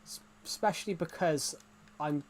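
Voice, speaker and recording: A man's voice: a little high, moderate pace, slight background noise. A young man with an English accent chatting casually on a game stream, rambling with many restarts and fillers. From England. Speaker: gaming streamer. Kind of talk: casual live-stream chat.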